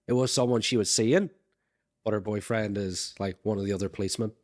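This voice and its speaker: A man's voice: fairly low pitch, brisk, a little mellow. A man co-hosting a podcast, agreeable and thinking aloud with plenty of fillers in casual brainstorming. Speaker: podcast co-host.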